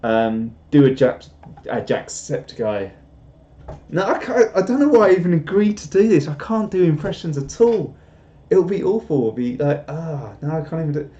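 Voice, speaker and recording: Rambling guy with a mellow voice. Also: on the high side, sing-song, normal speed. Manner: rambling, self-deprecating, full of restarts. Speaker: live streamer reading viewer chat. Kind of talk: casual live-stream chat. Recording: dull lo-fi stream audio.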